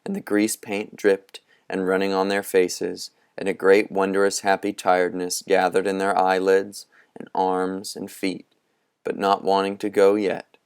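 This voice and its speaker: A man narrating a storybook with a low, deep voice. He reads slowly and with measure, his tone smooth and clear throughout. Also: monotone, no room sound, clean studio sound. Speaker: audiobook reader. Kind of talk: scripted narration.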